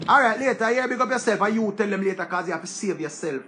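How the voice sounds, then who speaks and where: A man's voice: high voice, very fast, hardly any pauses, a little hiss or hum. A man with a Jamaican accent, giving a casual, preachy monologue full of repetition. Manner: preachy, repetitive, animated rant. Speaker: commentator.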